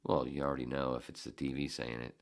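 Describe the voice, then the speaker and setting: Deep, gravelly man in his fifties telling stories. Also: quick pace. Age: 50s. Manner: profane, heated, animated storyteller. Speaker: podcast host. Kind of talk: casual storytelling monologue.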